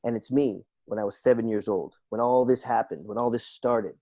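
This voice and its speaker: A man's voice: medium pitch, steady tone, a little fast, mellow. A man, a podcast guest and coach, telling a personal story in an earnest, reflective way and repeating phrases for emphasis.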